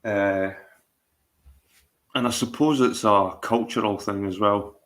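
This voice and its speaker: Rambling, sweary Scottish man, lowish voice. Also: fairly even intonation, takes it slowly, fairly bright tone. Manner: rambling, sweary, repeats himself. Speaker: livestream host. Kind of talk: casual livestream chat.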